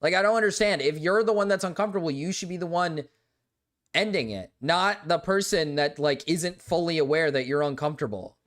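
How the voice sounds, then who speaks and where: This young livestream host talks a little fast in a somewhat bright voice pitched on the high side. His casual chatter wanders and carries exasperation, packed with "like" and repeated words.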